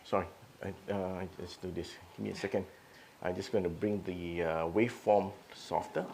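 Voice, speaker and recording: Halting man demoing audio gear. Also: low-pitched, fairly even intonation, vocal fry, darkish tone, slight background noise. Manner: halting, thinks aloud with restarts. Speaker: audio product demonstrator. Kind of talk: live product demo.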